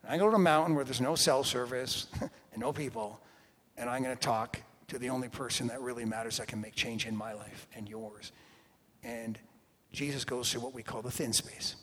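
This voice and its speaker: A man preaching a sermon in an animated, joking way, dropping to a hush and then rising loud. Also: medium pitch, normal speed, long reverb tail. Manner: animated, jokey, swings between hushed and loud. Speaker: pastor.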